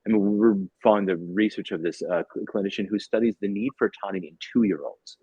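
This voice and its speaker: A man in his fifties, a tutor and author, telling a story as a podcast guest in a lively way, acting out bits of dialogue and often repeating words. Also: on the low side, quick pace, slightly rough, no room sound, dull audio.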